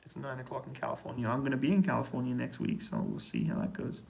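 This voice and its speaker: A British man in a hotel room, answering viewers' questions on a casual, relaxed live stream and keeping his voice down so he doesn't wake anyone. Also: mid-range voice, quick pace, vocal fry, rough recording. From United Kingdom. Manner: relaxed, quiet voice to avoid waking neighbours. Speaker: livestream host answering chat questions. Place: hotel room on an army base.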